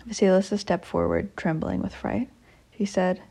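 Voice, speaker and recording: Gravelly, husky woman telling a folk tale. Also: mid-range voice, big pitch swings, normal speed, mellow. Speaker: storyteller. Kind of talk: reading a folk tale aloud.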